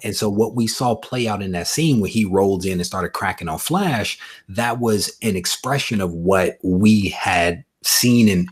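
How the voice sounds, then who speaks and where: A man hosting a casual comics chat on a video call, thinking out loud at length and checking in with rhetorical questions. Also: low-pitched, breathy edge. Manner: thoughtful, explains at length with rhetorical asides. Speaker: comics podcast host.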